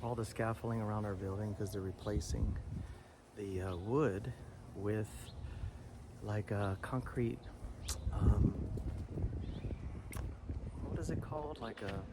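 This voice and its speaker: A man's voice: on the low side, slow, pauses often. A man chatting casually as he walks outdoors with a handheld camera, rambling with fillers. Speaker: vlogger and English teacher. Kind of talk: casual walk-and-talk vlog. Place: outdoors walking on a street. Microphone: handheld camera while walking. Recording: outdoor street noise. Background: street ambience and passing vehicles.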